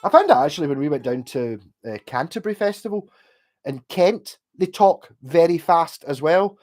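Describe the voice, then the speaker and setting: Rambling Scottish man, slightly high voice. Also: very animated, moderate pace, darkish tone, soft background music. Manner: rambling, with frequent restarts and swearing. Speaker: livestream host. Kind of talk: casual livestream chat.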